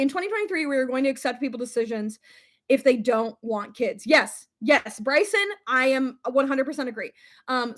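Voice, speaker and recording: Stuffy-nosed female streamer in her thirties, bright high voice, chatty and prone to laughter. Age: 30s. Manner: giggly, breaks into high shrieking laughter. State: stuffy, congested head. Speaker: livestream host reading viewer comments. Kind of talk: casual live chat.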